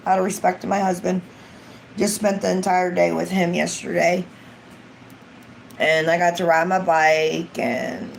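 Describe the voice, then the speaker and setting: A woman vlogger talks to her live-stream viewers in a casual, rambling way. Her voice sits at a middle pitch with a gravelly, fry-laced texture, and a faint hiss runs underneath. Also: darkish tone, poor audio. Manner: rambling, chatty, acts out quotes. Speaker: ASMR vlogger.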